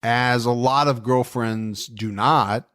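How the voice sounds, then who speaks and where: Man, podcast co-host, casual true-crime storytelling, jokey asides, mid-pitched voice. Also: steady tone, slow pace, a bit bright, smooth.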